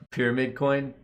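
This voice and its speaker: Young guy streaming, reading chat out loud, jokey and slangy, laughs a lot, normal mid voice. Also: mid-range voice. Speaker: stock market livestream host. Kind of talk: casual live-stream chat, reading chat aloud.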